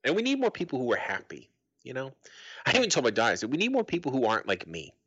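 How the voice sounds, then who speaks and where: A man's voice: mid-range voice, huge pitch swings, racing, fairly bright tone, slightly rough, no room sound, lo-fi sound. A middle-aged man from Arizona telling a story in casual podcast chat, swearing freely and acting out the quotes. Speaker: podcast co-host.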